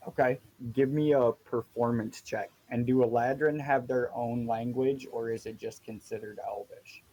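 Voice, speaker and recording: A man narrating as dungeon master of a tabletop game, in a slow, even way. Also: medium pitch, low-quality recording.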